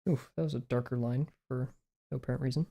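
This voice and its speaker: Rambling young streamer with a mellow voice. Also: mid-range voice, fairly even intonation, quick pace. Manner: rambling, self-deprecating, muttering to self. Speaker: livestreaming artist. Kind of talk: casual chat while drawing on a livestream.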